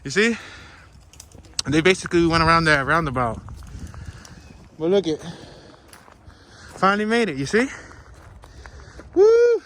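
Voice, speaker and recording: A man casually narrating his hike on a wooded marsh trail outdoors, playful and excitable, whooping and laughing as he walks. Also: on the high side, moderate pace, long pauses, slight background noise. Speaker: vlogger narrating a hiking walk. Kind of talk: casual walk-and-talk narration.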